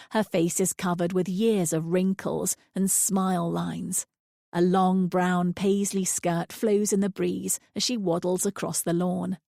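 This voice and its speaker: Woman narrator for a thriller audiobook, measured and quiet, gravelly fry, dry close mic. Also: fairly low pitch, dry recording.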